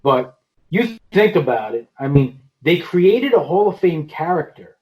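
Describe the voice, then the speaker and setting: A man guesting on a podcast, chatting about wrestling in a relaxed way with lots of fillers. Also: fairly high pitch, unhurried, dull audio. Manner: relaxed, heavy on "you know" fillers. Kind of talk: casual wrestling podcast chat.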